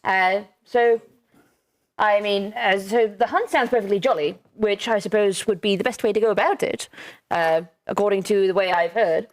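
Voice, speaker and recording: A woman voicing a foppish upper-class young English gentleman in a tabletop role-play, with a put-on, unsteady upper-class English accent and old-fashioned slang. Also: medium pitch, normal speed, close to an everyday voice. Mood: blustery.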